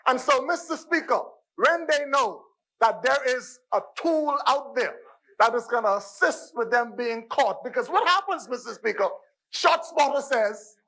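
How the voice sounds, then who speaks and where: Emphatic high-voiced Bahamian man. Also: vocal fry, bright, forceful tone, rough recording. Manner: emphatic, repeats "Mister Speaker" and phrases for stress. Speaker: member of parliament. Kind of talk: parliamentary debate speech. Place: parliament chamber.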